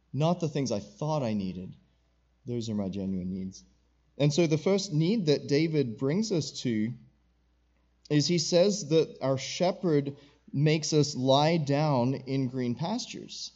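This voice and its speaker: Middle-aged guy preaching a sermon, mellow voice, earnest, slows way down on key words, kinda dull recording. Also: medium pitch. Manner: earnest, slows down to stress key phrases, asks the audience questions. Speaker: pastor.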